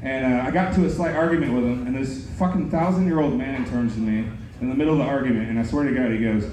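Deadpan stand-up man in an echoey club. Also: mid-range voice, fast, few pauses. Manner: deadpan one-liners, laughs at his own jokes. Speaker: stand-up comic. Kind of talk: stand-up set at an open mic. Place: comedy club. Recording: very echoey club, noisy room. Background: audience laughter.

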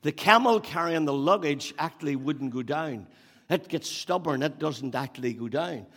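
A male pastor giving a sermon, building up to loud emphatic repeated phrases and dropping back to storytelling. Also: fairly high pitch, animated, moderate pace. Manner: preaching with rising emphatic repetition. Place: church hall. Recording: long hall reverb.

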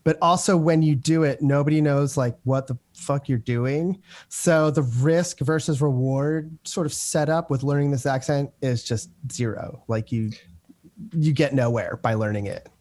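A man with a Philadelphia accent chatting casually as a co-host, relaxed and quick to laugh. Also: medium pitch. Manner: relaxed, laughs easily, loose swearing. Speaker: podcast co-host and sound recordist. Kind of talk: casual chat.

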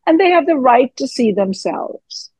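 An actress in her fifties chats casually as an interview guest, earnest and animated, with fillers and trailing thoughts. Her voice sits high with lively intonation, unhurried, a little mellow with a breathy edge, in poor audio with no echo.

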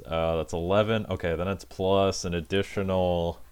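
Man, player, very deep voice, smooth, casual, swears. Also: flat delivery, moderate pace, a little mellow. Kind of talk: playing a tabletop game.

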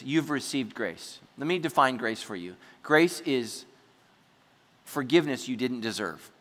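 A man preaching a sermon to his congregation, chatty and joking, acting out quick asides as he goes. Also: mid-range voice, a bit bright. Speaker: pastor. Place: church hall before a congregation. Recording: large hall with long reverb.

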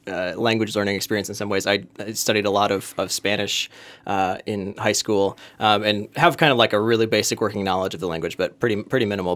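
A man's voice: on the low side, fairly bright tone. Chatty man co-hosting a podcast. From Minnesota. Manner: conversational, explaining with frequent fillers. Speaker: podcast co-host. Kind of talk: casual chat.

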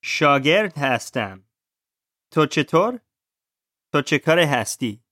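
A man's voice: a little high, very animated, fast talker, pushed and bright. A male student in a language lesson echoes each word after his teacher. He repeats them carefully, and the recording is dry and close.

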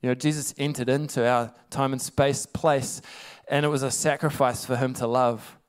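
A man's voice: mid-range voice, steady tone, moderate pace, clean tone. A man preaching a casual, conversational sermon, laughing often and tossing in rhetorical asides.

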